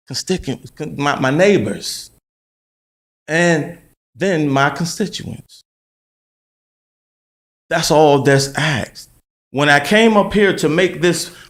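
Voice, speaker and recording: A man appealing before a city board, insistent and argumentative, repeating himself as he testifies. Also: fairly high pitch. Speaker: appellant at a board hearing. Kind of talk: heated testimony. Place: city council chamber. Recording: echoey council chamber.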